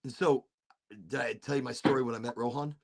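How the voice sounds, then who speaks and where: Gravelly-voiced man telling rambling stories. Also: medium pitch, steady tone, fast talker. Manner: rambling storyteller, laughs often. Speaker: podcast host. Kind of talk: casual chat.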